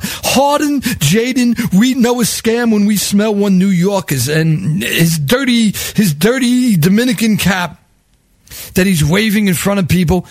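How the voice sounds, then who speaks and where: Wry high-voiced New storyteller. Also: male voice, moderate pace, no echo. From New York. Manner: wry, sardonic, chuckling, wordy. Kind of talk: comic storytelling monologue.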